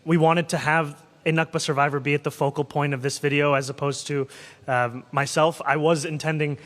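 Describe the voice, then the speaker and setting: Male official, measured press answer, a bit high, reverberant clip. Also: little pitch movement, fairly bright tone. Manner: careful, measured, with fillers. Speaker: mayor answering a reporter.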